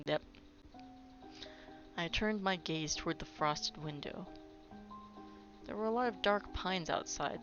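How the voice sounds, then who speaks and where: Woman gamer, deep voice with fry, reads story text, playful asides, dull sound, game music behind. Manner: playful, chatty, wanders off on asides. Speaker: let's play gamer. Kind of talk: reading game text aloud with casual commentary.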